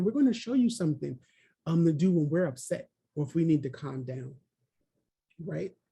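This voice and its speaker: A man's voice: on the high side, gravelly, warm tone, slightly rough. A man training early childhood staff in a webinar on a video call, talking in an encouraging way and coaxing listeners by name. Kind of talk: webinar presentation.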